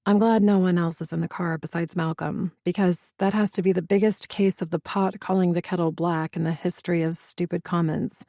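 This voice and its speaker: Low, mellow woman narrator for a first-person novel; wry and sardonic, dry close sound. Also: steady tone, fairly quick, few pauses, dry recording. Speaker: audiobook narrator.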